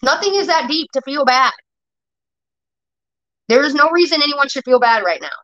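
A woman's voice: sits high, expressive, normal speed, bright, forceful tone, rough recording. A woman hosting a casual livestream, blunt and heavily profane as she reacts to chat comments. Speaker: livestream host.

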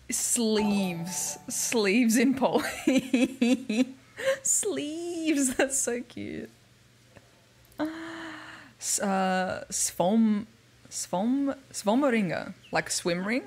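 Woman streamer, unhurried, husky, giggly, casual game-stream chat. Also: medium pitch, a little mellow. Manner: giggly, playful. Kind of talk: casual livestream chat while playing a video game.

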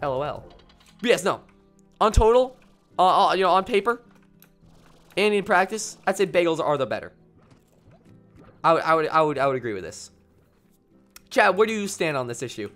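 A man's voice: on the high side, animated, normal speed, pauses often, a bit bright, soft background music. A young man streaming a video game, rambling playfully and reading viewers' messages aloud. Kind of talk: casual gameplay commentary.

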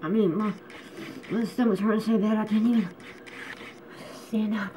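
A woman from North Carolina talks straight to the camera in a loose, chatty home vlog. Her pitch sits right in the middle, and she grumbles and fusses in between sips, sometimes scolding a pet. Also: steady tone, normal speed, dark tone, slight background noise. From North Carolina, USA. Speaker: vlogger.

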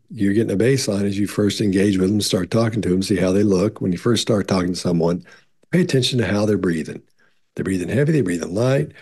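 Brief: middle-aged man, husky, lowish voice, loose rambling explainer who restarts his sentences. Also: a little mellow. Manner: rambling, repeats words, many restarts and fillers; acts out quoted voices in higher pitch. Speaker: behavior analyst answering viewer questions. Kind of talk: casual explanatory talk.

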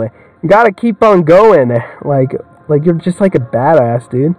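A man's voice: on the high side, expressive, slow pace, darkish tone, no echo, faint music behind, rough recording. A young man giving rambling, joking let's-play commentary, swearing a lot and laughing often. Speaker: gamer.

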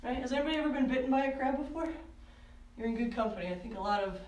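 A bright, higher-voiced young woman with a New Jersey accent runs a kids' workout from her living room, counting out reps and egging everyone on. She sounds a little distant from the mic, in an echoey room. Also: expressive, very fast. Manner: upbeat, counting reps and cheering kids on. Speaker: kids' fitness coach. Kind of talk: live at-home kids' workout.

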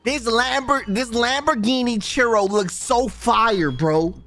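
A man's voice: extremely high pitch, takes it slowly, sharp tone, soft background music. A man joking around in a playful, slangy role-play while playing a game, with a mischievous tone. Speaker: gaming YouTuber. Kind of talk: playful role-play banter over gameplay.

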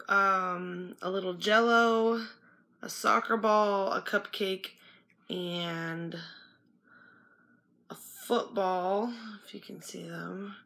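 Bright-voiced young woman unboxing toys. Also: mid-range voice, a little hiss or hum. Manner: chatty, muttering to herself while handling toys. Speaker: toy unboxing vlogger. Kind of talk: casual unboxing chat. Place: indoors at a relative's house.

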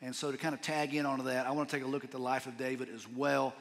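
A man's voice: medium pitch, level tone, fast, a bit bright. A man with a Texan accent preaching a sermon as pastor, casual and storytelling, dropping "man" and "dude" as he talks. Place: church sanctuary. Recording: reverberant church hall.

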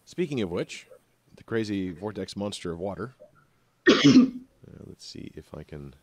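Male game master with a deep voice and a loose, uh-filled narration style. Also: measured pace, no room sound. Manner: relaxed, many filler uhs.

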